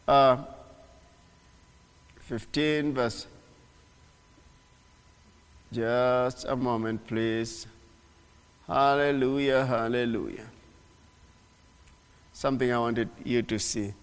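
A man preaching a sermon in an animated way, repeating phrases and often restarting. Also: medium pitch, extremely slow, long pauses, clean tone. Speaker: pastor. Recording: long hall reverb.

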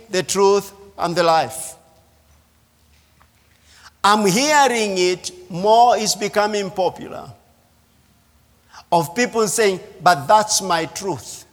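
A man preaching a sermon as pastor, slow and emphatic, repeating key phrases. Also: high-pitched. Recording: reverberant hall.

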